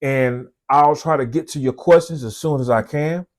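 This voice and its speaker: A man talks at a moderate pace in a medium-pitched voice. He's a Southern US police officer who hosts his own channel, addressing the camera in a relaxed, folksy style. Conversational by nature, he repeats his points.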